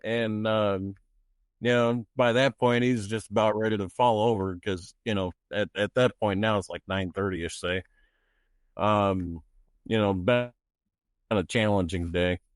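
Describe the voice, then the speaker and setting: A man playing in a tabletop game, describing his character with halting, filler-heavy talk. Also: on the low side, fairly even intonation, clean tone, no room sound, clean studio sound. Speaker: player. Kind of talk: casual chat.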